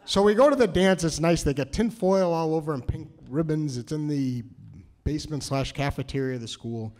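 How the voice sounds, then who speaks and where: A man from New Hampshire telling a story on stage, nervous and halting, with many restarts. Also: fairly high pitch, darkish tone. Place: cultural center hall, live audience.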